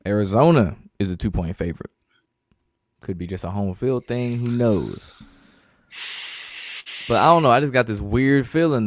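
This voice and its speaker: A man's voice: medium pitch, dry recording, studio quality. A man casually hosting a sports picks chat, reading out each matchup and the betting line before giving his pick. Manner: laid-back, reads matchups and lines before giving picks.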